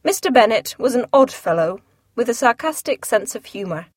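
A woman reading a classic novel aloud as an audiobook narrator, in a measured, clear storytelling manner. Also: on the high side, very animated, dry recording, studio quality.

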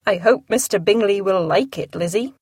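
A woman reading aloud, giving the lines of a dry, sarcastic older gentleman in a wry, understated tone. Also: mid-range voice, normal speed, slightly rough, dry recording, close to an everyday voice.

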